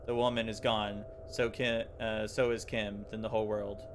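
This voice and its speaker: A man's voice: lowish voice, moderate pace, background noise. Man streamer reading game text aloud. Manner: animated reading with stumbles and laughs.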